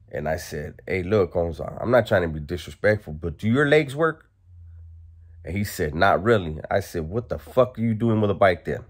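A man with a somewhat low voice tells a story in a loose, relaxed way. He swears freely, and his delivery is casual and unpolished, like talking to friends. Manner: laid-back, profane, laughs while telling. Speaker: storyteller vlogger.

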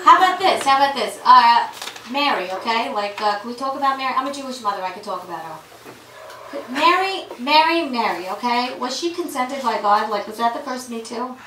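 A woman's voice: a little high, animated, brisk, sharp tone. A woman, doing a brash, crude, conversational stand-up set in a comedy club. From Brooklyn, New York. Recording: roomy club from a distant mic, noisy.

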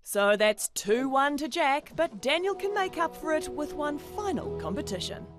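A woman's voice: high voice, animated, moderate pace, music in the background. A woman entertainment reporter, quizzing guests in a bubbly, teasing way and narrating the segment.

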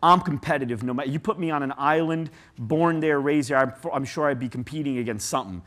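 A man speaking as a guest in an interview, animated and storytelling, leaning on "like" a lot. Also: fairly high pitch, fast. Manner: animated, storytelling, says "like" often. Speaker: guest agency CEO. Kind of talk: conversational interview.

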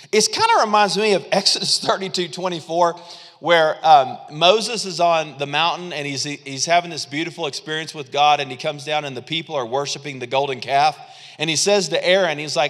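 A man preaching a sermon as pastor, animated and acting out quotes with frequent chuckles. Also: fairly high pitch. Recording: long hall reverb.

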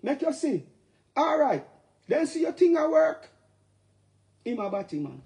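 A Jamaican man, a musician, delivering an impassioned, preachy rant straight to camera, now and then breaking into shouts. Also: extremely high pitch, sing-song, measured pace, gravelly.

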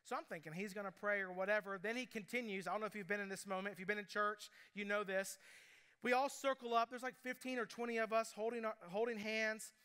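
Man, pastor, sermon, storytelling with asides, high bright voice. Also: fairly even intonation, fast talker, clear, resonant tone.

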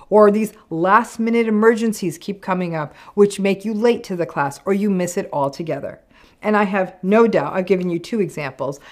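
A middle-aged woman psychologist hosting her own channel, explaining relationship patterns in a frank, conversational way and acting out quoted lines. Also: medium pitch. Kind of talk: direct-to-camera explainer talk.

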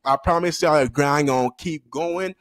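A young man with a Miami accent tells a school story straight into the camera, slangy and animated, breaking into laughter often. His voice sits a little high for a man. The sound is close and dry, with no room echo. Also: moderate pace. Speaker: storytime vlogger. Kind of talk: casual storytelling vlog.

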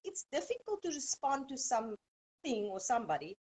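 A woman's voice: sits high, huge pitch swings, fairly quick, darkish tone, slightly rough, low-quality recording. A woman guest on a parenting chat, explaining earnestly, often restarting and correcting herself mid-sentence. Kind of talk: conversational explaining.

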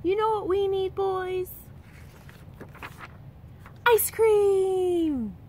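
A woman's voice: very high-pitched, drawn-out words, darkish tone, slight background noise, pitched above the performer's own voice, exaggerated voice. A woman voicing a cheerful, motherly woman in a storybook read-aloud. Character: cheerful mother Mrs. Lambchop.

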